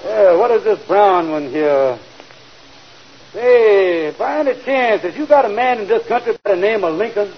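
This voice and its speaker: A high-voiced bluffing con man. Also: expressive, muffled recording. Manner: fast-talking, bluffing, mangled grammar. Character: scheming smooth-talking male con man. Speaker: comic lead. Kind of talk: 1940s radio comedy acting. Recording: old radio broadcast, hiss, loud audience laughter.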